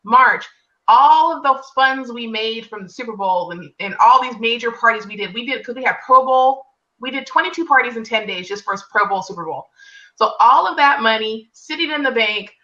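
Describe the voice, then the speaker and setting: Woman guest, bright storytelling voice, high-ish, slightly distant dull lo-fi mic. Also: normal speed. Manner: animated storyteller, acts out quotes in higher pitch. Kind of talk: personal story in casual conversation.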